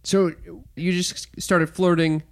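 A young man co-hosting a podcast, casual and excitable, who swears and stumbles over his words. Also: high voice, slow pace, clean tone. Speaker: podcast co-host. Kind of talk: casual chat.

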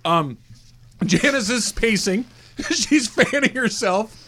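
A man's voice: sits high, takes it slowly. Laughing man in spicy-food agony. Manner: laughing through strain, animated. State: in pain from spicy food, teary. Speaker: sports radio host. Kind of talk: casual studio banter.

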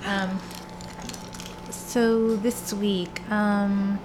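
A woman's voice: mid-range voice, flat delivery, very slow, noisy background. A woman, a mother of two, chatting casually and laughing easily in a group conversation.

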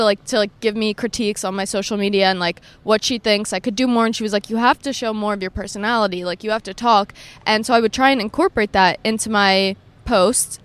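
High-strung chatty young woman hosting. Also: a bit bright, clear, resonant tone. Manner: quick, high-strung talker full of fillers. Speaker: podcast host. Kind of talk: casual chat.

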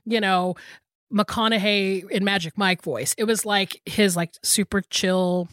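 In a clean studio recording with no room echo, a woman in her thirties co-hosts a podcast. Her voice is medium-pitched, steady, unhurried and slightly bright as she tells a story in casual chat, saying "like" a lot and swearing now and then.

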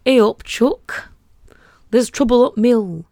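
A woman doing a comic impression of a gruff man with a put-on Yorkshire accent. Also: on the high side, slow, a little mellow, no room sound, clean studio sound.

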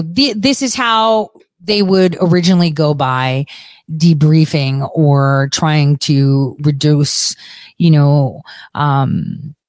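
A woman's voice: low-pitched, darkish tone, dry recording, clean studio sound. A woman speaking casually in an interview, loose and searching, with fillers and self-corrections. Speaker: interviewee describing cult deprogramming.

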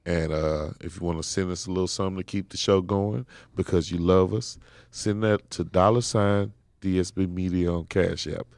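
A man's voice: low voice, steady tone, normal speed, vocal fry, darkish tone, dry recording. A man co-hosting a podcast, chatting casually in a laid-back, slangy storytelling manner on a close mic. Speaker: podcast co-host.

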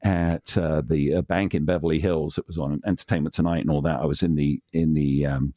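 Brief: English male DJ in his sixties, very low voice, lively storyteller on a dry remote line. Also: fairly quick, dry recording. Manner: enthusiastic, acts out quoted voices. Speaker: guest, DJ. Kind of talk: anecdotal interview storytelling.

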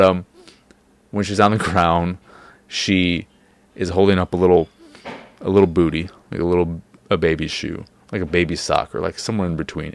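A man's voice: deep voice, no room sound. A man hosting a podcast, rambling in casual talk with lots of fillers and hedges. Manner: rambling, hedging, many fillers. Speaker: podcast host.

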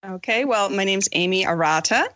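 A woman's voice: medium pitch, expressive, moderate pace, a bit bright, no echo, lo-fi sound. A woman from Maine, a podcast guest telling her story in a friendly, chatty way. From Maine, USA. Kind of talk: casual podcast interview.

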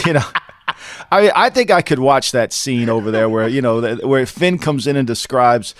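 A man's voice: medium pitch, expressive, moderate pace, dry recording. A man with a mid-range voice chatting loosely with his co-host. He rambles, restarts his sentences and swears now and then. The sound is dry and close-miked. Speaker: podcast co-host. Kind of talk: casual sports chat.

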